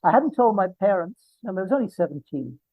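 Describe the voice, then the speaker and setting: A man's voice: sits high, sing-song, fast talker, no echo. A man in his seventies with an English accent, reminiscing at length in an interview and wandering into reflective asides. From England. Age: 70s. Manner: discursive and reflective, with frequent asides. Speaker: interview guest. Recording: dry, phone-like line.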